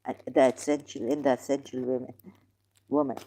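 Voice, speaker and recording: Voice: mid-range voice, level tone, brisk, background noise. A host giving a casual, rambling monologue of religious commentary in broken, non-native English, arguing and putting questions to the listener. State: in neck pain, groaning.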